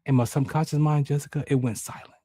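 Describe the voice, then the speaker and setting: This fast talker co-hosts a podcast, recounting a personal story full of emotion. He's lively and plays out the voices in his head with high shouts. Studio-quality audio, no room sound.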